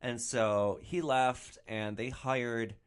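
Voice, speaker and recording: A young man hosting a solo podcast, telling stories in an animated, ranting way and swearing freely. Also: medium pitch, slow, clean tone. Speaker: podcast host.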